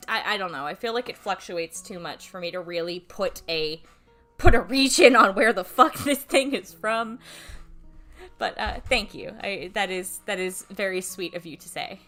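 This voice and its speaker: Young woman streamer, bright sharp voice, faint guitar underneath, loose rambling chat with cursing. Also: mid-range voice. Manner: rambling, self-deprecating, casual swearing, laughs often. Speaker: streamer and voice actor. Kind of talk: casual livestream chat.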